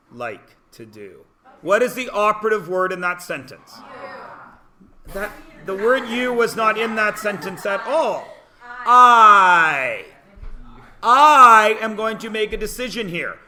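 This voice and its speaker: Man, math teacher, high voice, slow unhurried delivery, teasing, quizzes the class. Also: bright, forceful tone. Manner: playful, sarcastic, quizzes students. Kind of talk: classroom lecture.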